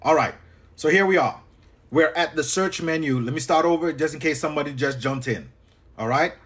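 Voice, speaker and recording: A man's voice: fairly high pitch, brisk, a bit bright, husky. A man coaching live on a livestream, casual and chatty, talking to viewers by name and repeating himself. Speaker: business coach. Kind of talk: livestream tutorial.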